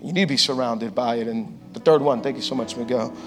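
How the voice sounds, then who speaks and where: A pastor preaching a sermon on a church stage, telling a story playfully and acting out the people in it. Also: male voice, mid-range voice, fast talker, soft background music. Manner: lively, playful storyteller who acts out quotes.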